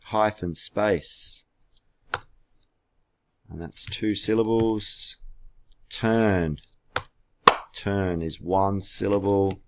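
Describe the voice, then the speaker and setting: A man's voice: deep voice, noisy background. A man teaching a class through a screen-recorded tutorial, patient and spelling words out letter by letter, with keyboard clicks behind him.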